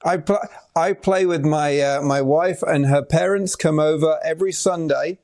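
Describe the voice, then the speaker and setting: Gravelly, slightly high-voiced male host. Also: normal speed, a little mellow. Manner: upbeat, enthusiastic reactions. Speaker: interview host. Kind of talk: casual interview chat.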